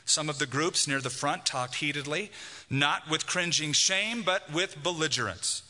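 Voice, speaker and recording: A man's voice: fairly high pitch, normal speed, pushed and bright, long reverb tail. A man preaching a sermon as pastor, emphatic and reading a passage aloud.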